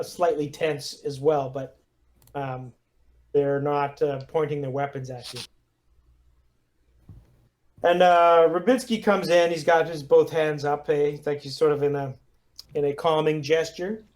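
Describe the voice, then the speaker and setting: A man's voice: a little high, darkish tone. A man narrating as game master in a loose, chatty way with many fillers. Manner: loose, lots of fillers and laughs.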